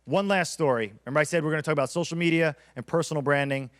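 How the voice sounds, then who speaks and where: A male keynote speaker delivers a conference talk quickly in a slightly higher voice. He's an energetic, lively storyteller who acts out quotes.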